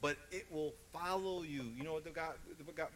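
A man's voice: on the high side, steady tone, brisk. A male pastor preaches with emphatic, repetitive storytelling. His voice sits a little above the usual range for a man. A faint hum runs underneath. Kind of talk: sermon.

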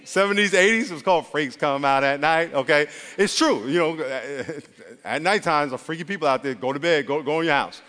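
Animated preacher man in a reverberant hall. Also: fairly high pitch, moderate pace. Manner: animated, call-and-response with congregation. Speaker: pastor. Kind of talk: sermon.

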